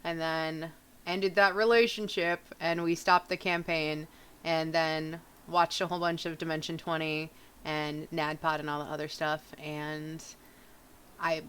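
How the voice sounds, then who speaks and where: A woman's voice: low voice, little pitch movement, a little slow, fairly bright tone, clean tone. A woman in casual chat, introducing her character for a tabletop game in a giggly, playful way.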